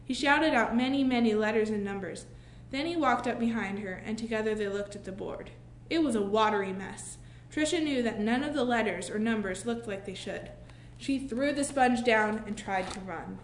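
Woman reading a storybook in an echoey room. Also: fairly high pitch. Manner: expressive, with slow dramatic pauses. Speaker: narrator. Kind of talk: reading a children's book aloud. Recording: echoey room with faint hiss.

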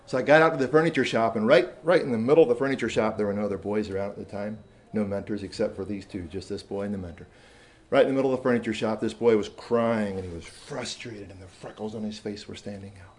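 A man telling a story to a room of teachers, animated and shifting between loud emphasis and quiet asides. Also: fairly low pitch, fast. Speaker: speaker addressing teachers. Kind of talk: storytelling talk to an audience.

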